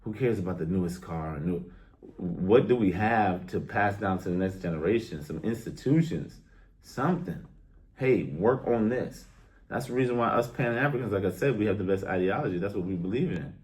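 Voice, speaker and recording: A man's voice: low voice, animated, moderate pace, darkish tone. A young man ranting bluntly to his viewers in a casual, exasperated way, full of street slang. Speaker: vlogger. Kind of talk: casual rant to camera.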